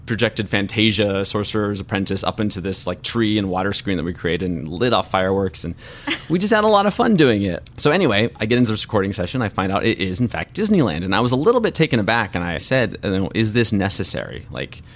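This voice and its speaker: A man's voice: lowish voice, very animated, fast. A man in his thirties, a voice actor guest in an interview, telling personal stories in an earnest, reflective and openly emotional way.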